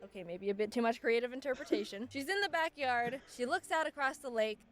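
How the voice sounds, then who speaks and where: A young woman tells funny stories from her childhood in a tight, scripted comic narration. Her voice sits a touch high, and she drops wry, deadpan asides between the beats. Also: a little fast, faint music behind. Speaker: animator telling childhood stories.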